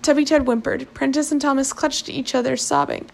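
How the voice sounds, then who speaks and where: High, gravelly-voiced woman reading a novel. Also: a little fast. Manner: plain, steady reading with small slips and restarts. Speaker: narrator.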